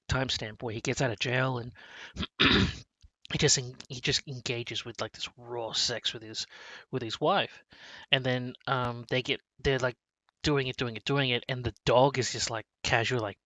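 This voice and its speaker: A man's voice: medium pitch, bright, forceful tone, dry recording. A man co-hosting a casual movie review chat, rambling with many restarts and fillers. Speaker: podcast co-host.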